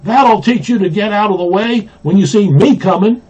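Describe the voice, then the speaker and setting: A man voicing a rude young male blue jay who shouts at others, in a storybook reading. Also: high-pitched, moderate pace, breathy edge, dull audio, voice pushed up. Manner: shouting, brash.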